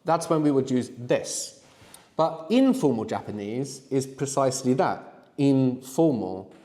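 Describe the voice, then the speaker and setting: A man teaching a live language workshop, explaining slowly and prompting his students to answer. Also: medium pitch, very animated, dark tone, in a large hall. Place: room with students.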